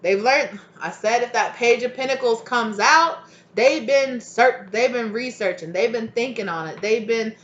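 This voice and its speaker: A woman's voice: a little high, measured pace, few pauses, a bit bright, reverberant, muffled recording. A woman giving a casual tarot reading, chatty and loose, often trailing off and restarting her thoughts. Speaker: tarot reader.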